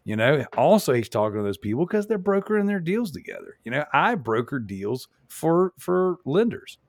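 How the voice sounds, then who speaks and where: A man's voice: fairly high pitch, sing-song, moderate pace, dry recording, clean studio sound. A man hosting a casual podcast, making his points emphatically, often restarting and asking "you know what I'm saying?". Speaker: podcast host.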